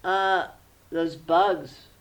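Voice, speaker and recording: A woman's voice: on the low side, very slow. A woman doing an eager young schoolboy puppet. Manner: chirpy, eager to please.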